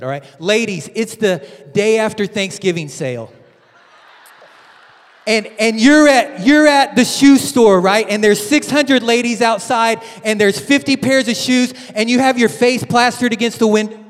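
A male pastor giving a sermon, telling stories in an animated way with frequent restarts. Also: very high-pitched. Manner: animated storytelling with many restarts. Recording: reverberant church hall.

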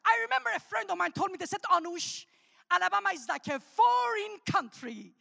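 Speaking briskly with vocal fry and an extremely high pitch, an Armenian guest speaker delivers a funny, lively sermon and testimony in a church. She calls out to the congregation, and the hall's long reverb is audible.

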